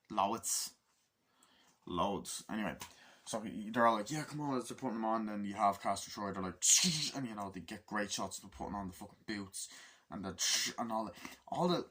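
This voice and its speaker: A somewhat low-voiced man chats loosely through a movie review. He swears often and keeps slipping into quoted voices to act out the scenes. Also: a bit bright, slight background noise. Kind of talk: casual spoken movie review.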